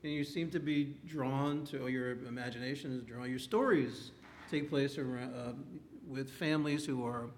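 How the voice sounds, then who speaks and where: Male moderator, mid-pitched, halting restarts, light low rumble behind. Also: fairly even intonation. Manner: halting, self-deprecating questions. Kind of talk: interview questions.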